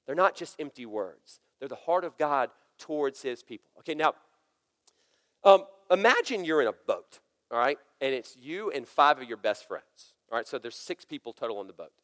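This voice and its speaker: A man in his thirties preaching a conversational, energetic sermon full of family stories. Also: medium pitch, normal speed. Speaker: pastor. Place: church sanctuary. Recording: long hall reverb.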